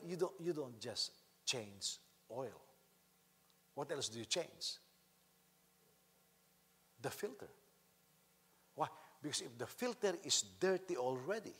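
A man preaching a sermon as pastor, animated, acting out quotes loudly and swinging from quiet to shouting. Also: medium pitch, slightly rough. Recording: long reverb of a hall.

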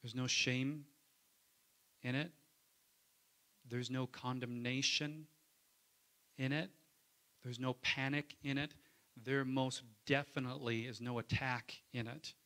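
A man's voice: medium pitch, fairly even intonation, slow pace, long pauses, sharp tone. A man, a pastor, preaching a sermon in a conversational way, often asking the congregation for an amen. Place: church.

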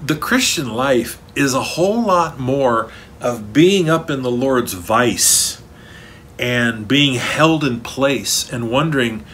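A man's voice: medium pitch, lively intonation, takes it slowly, a bit bright, a little hiss or hum. A man preaching a sermon as pastor, earnest and rising to emphatic stresses, recorded for an online church service.

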